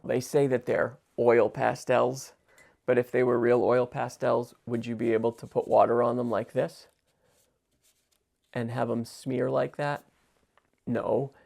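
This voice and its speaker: Gravelly sarcastic man chatting while drawing. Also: medium pitch, darkish tone. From United States. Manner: sarcastic, jokey, talks to himself. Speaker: visual artist. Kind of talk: stream-of-consciousness drawing vlog.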